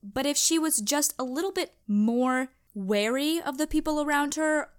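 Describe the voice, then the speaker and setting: Animated young woman chatting solo. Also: sits high, normal speed. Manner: animated, emphatic, self-reflective. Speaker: podcast host. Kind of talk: casual solo chat.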